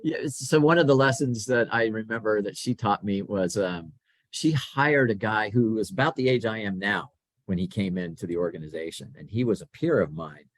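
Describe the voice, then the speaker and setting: A middle-aged man, guesting on a podcast, tells casual stories about his career at a moderate pace in a fairly low voice. He's animated and acts out the dialogue he quotes, and the audio has no echo.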